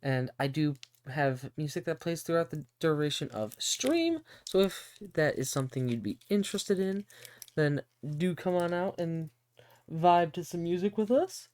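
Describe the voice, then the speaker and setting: A man's voice: a little high, animated, moderate pace, a little mellow, clean tone. A young man chatting casually as a game streamer, laid-back and chatty with the odd swear word.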